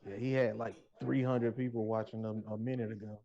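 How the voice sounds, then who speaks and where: A man's voice: on the low side, level tone, fairly quick, vocal fry, dark tone. Laid-back man on dull lo-fi audio. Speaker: stream co-host. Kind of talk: casual watch-along commentary.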